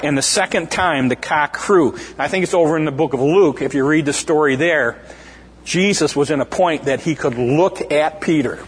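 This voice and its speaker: A man with a slightly raised, husky voice preaches in a hall with long reverb. He retells scripture in a loose, conversational way, stumbling over restarts and fillers and acting out the quoted voices as he goes. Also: on the high side. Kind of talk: informal sermon retelling scripture.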